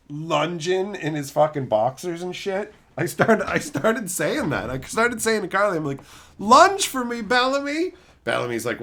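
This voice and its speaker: Pitched fairly high with a fairly bright tone, a man chats casually on a stream. He rants about a show, swearing frequently and slipping into mocking put-on voices.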